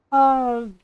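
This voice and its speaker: A woman with a high voice is heard on a muffled recording without room sound. The livestreamer tells a story casually while gaming, laughing often and voicing the dialogue herself.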